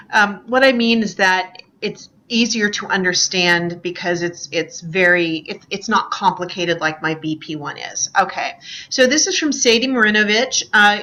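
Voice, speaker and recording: A woman's voice: mid-range voice, sharp tone. A woman teaching an English class in a recorded online lecture, talking casually with frequent ums and small apologies. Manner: chatty, self-deprecating, many ums. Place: screen recording at a computer.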